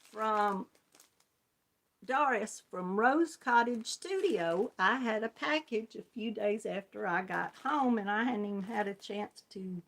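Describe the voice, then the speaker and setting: A woman's voice: medium pitch, fairly bright tone. A woman with a Southern US accent hosting a casual live crochet chat, greeting viewers by name and laughing often. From Georgia, US. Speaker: crochet channel host.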